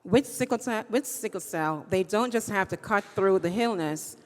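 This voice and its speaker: A woman's voice: medium pitch, lively intonation, normal speed. Earnest woman giving a welcome speech. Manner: earnest, thanking and listing supporters. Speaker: executive director of an advocacy group. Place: large hall at a state house. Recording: echoey hall reverb.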